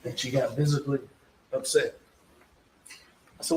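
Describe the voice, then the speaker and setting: An emphatic man with a medium-pitched voice at normal speed argues to a jury as a trial attorney making a courtroom closing argument. He repeats himself, speaks directly to the jurors, and acts out witness exchanges, captured in echoey audio with faint background noise.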